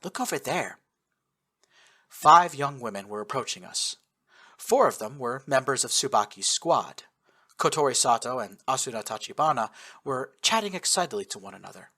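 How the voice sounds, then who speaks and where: Bright, lively male storyteller. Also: medium pitch, normal speed. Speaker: narrator. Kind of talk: first-person audiobook narration of fan fiction.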